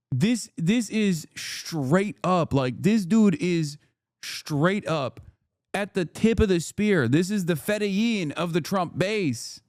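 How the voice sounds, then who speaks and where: A man streaming reaction commentary, animated and mocking, swearing and laughing often. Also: fairly high pitch, dry recording, studio quality.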